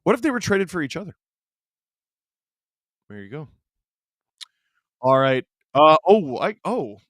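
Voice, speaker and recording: A man in his thirties hosting a stream, reading chat aloud and telling stories in an animated, casual way. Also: fairly high pitch, a little slow, no echo, studio quality. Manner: animated storyteller, reads chat aloud, laughs often.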